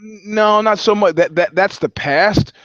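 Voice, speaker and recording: A man's voice: sits high, measured pace, a bit bright, no echo. Rambling man with a slightly dull sound. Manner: rambling, restarts a lot, swears casually. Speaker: podcast co-host. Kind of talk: casual chat.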